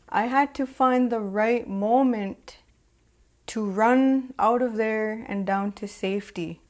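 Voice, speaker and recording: A woman recites a spoken word poem in a fairly high voice. She moves through it very slowly, giving each phrase its own space before the next. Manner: slow, deliberate, measured delivery with long pauses.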